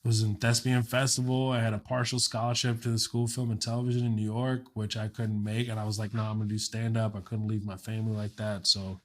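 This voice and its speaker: A man's voice: lowish voice, level tone, fast, hardly any pauses. A man in his late thirties, from Kuwait and raised in Texas, is a guest comedian telling a loose, profane story and laughing through it. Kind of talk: casual storytelling.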